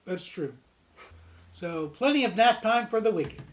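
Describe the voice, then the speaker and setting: A man's voice: sits high, lively intonation, unhurried. A man from Canada co-hosting a casual beer-tasting chat, cracking goofy jokes and wordplay. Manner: joking, goofy asides and wordplay. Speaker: co-host of a beer tasting show.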